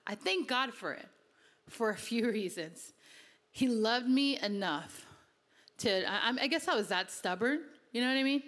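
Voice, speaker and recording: A woman's voice: a little high, lively intonation, moderate pace, fairly bright tone, in a large hall. A woman from Connecticut giving an earnest, conversational personal testimony in a sermon, with many casual fillers. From Connecticut, USA.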